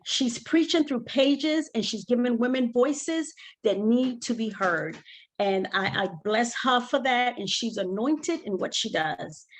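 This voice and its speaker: A woman's voice: on the high side, animated, unhurried, slight background noise. A woman coauthor on a video call giving a fervent testimony and repeating her key phrases for emphasis. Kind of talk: testimony in a book talk.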